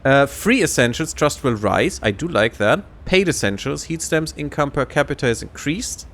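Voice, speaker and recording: Lively, chatty male game streamer. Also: mid-range voice, normal speed. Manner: chatty, laughs often, reads game text aloud. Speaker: gaming streamer. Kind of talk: casual let's-play commentary.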